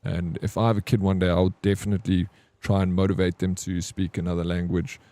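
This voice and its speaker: A man's voice: sits low, level tone, brisk, mellow, dry recording. A man, hosting a livestream and chatting casually in a rambling, candid way, swearing now and then. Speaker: livestream host. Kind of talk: casual stream chat.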